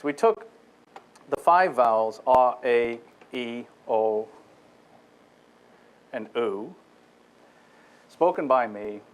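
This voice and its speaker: A man's voice: mid-range voice, low-quality recording. Man giving an explanatory technical lecture. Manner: explanatory, addresses listeners directly, often restarts phrases. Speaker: guest lecturer.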